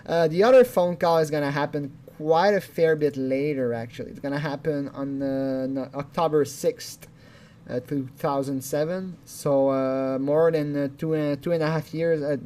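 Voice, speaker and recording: A man's voice: on the high side, steady tone, moderate pace, mellow. A man hosting a casual video commentary, rambling along with chuckles and restarts. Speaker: channel host.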